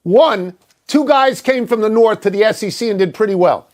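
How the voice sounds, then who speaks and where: An older man with a fairly high voice argues sports bluntly and emphatically on a talk show. He hammers home his opinions and is quick to poke fun at himself. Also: darkish tone. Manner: emphatic, blunt and self-mocking. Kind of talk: sports debate.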